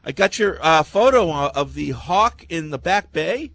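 A man hosting a sports talk radio show, reading listener emails and taking calls in a relaxed way. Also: on the high side, moderate pace, dry recording. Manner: relaxed, moves things along with uh.

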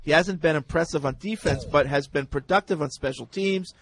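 A man's voice: a little high, brisk, husky, poor audio. Man reading listener emails on sports radio. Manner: reads listener emails aloud. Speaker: radio show host. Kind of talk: casual sports radio chat.

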